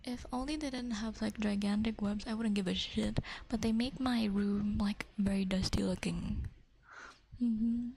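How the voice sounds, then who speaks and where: A woman's voice: medium pitch, fairly even intonation, unhurried, creaky, a little mellow, a little hiss or hum, rough recording. A woman hosting an ASMR livestream, chatting in a casual whisper, giggly and swearing freely.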